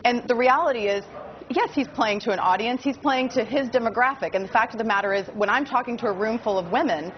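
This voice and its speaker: A woman's voice: a little high, quick pace. Earnest woman making her case on news. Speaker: political commentator guest. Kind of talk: cable news debate. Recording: slightly dull broadcast audio with faint noise.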